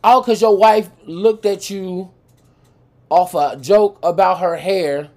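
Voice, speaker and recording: Male podcast co-host, casual and profane, animated storyteller. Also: sits high, slow pace. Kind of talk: casual chat.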